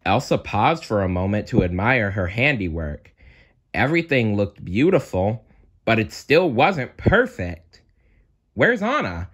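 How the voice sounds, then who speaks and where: Animated man reading a storybook. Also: fairly low pitch, unhurried, slightly rough.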